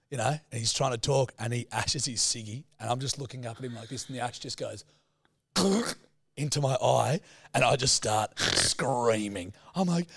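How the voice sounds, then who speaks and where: An Australian man co-hosting a podcast, telling animated stories full of swearing and voice impressions in casual chat. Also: medium pitch, moderate pace, gravelly, no room sound. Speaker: podcast co-host.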